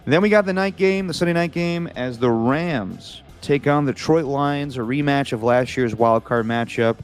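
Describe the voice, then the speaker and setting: A man co-hosting a casual sports picks chat over a video call, reading out matchups and then giving his takes in a relaxed way. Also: mid-range voice, normal speed, clean tone, faint music behind. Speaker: co-host reading out games and picks.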